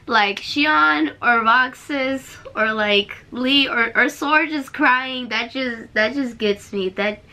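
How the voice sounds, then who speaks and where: A woman's voice: sits high, slow, bright, forceful tone. A young woman reacting to a game trailer in a vlog, exclaiming and tearful. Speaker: video reactor. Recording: trailer music playing behind.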